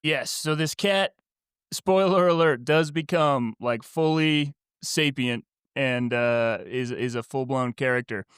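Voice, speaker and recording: Clear-voiced man recapping a book. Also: medium pitch, slow, fairly bright tone, no echo, clean studio sound. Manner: laughs often while recapping. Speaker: podcast co-host summarizing the book. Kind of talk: casual book club chat.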